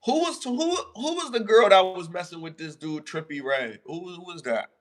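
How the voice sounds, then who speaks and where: Excitable slangy man on a podcast. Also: sits high, normal speed. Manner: loose, excitable, slangy, swears often. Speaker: podcast co-host. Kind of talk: casual chat.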